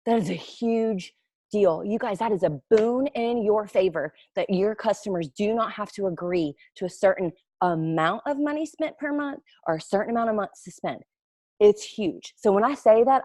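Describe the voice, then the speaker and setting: A woman's voice: medium pitch, dry recording. Chatty woman, dry close sound. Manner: chatty, animated storyteller with playful quoted voices. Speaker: network marketing recruiter. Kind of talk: casual webinar talk.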